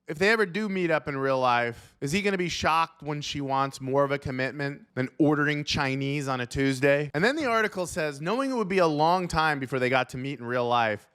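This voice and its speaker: A man's voice: on the high side, a bit bright, smooth. A young adult male comedian riffing sarcastically on news stories as host of his show.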